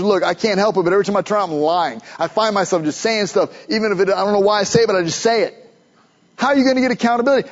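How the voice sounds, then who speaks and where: A pastor preaching a sermon, emphatic, building to urgent questions. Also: male voice, high-pitched, a little mellow, lo-fi sound.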